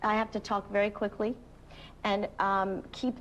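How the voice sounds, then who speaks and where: A maître d' speaks in a brisk, accommodating manner, voiced at an ordinary pitch. A faint hum of ambience runs behind her. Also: flat delivery, dull audio. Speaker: restaurant maître d'. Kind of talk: casual on-location chat.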